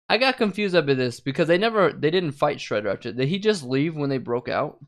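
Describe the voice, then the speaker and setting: A young man co-hosting a casual chat, recapping scenes in a relaxed way with laughs and questions. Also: a little high, fairly quick. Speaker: co-host.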